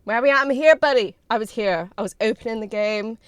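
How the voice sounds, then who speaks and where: A young woman, streaming and chatting with her viewers in an excitable, bubbly way and swearing freely. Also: a little high, fast talker, clear, resonant tone, no room sound, clean studio sound. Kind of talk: casual livestream chat with viewers.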